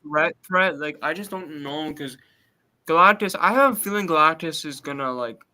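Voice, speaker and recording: A man on a casual live stream, talking excitedly and filling his speech with "bro" and "like". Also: on the high side, normal speed. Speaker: watch party co-host.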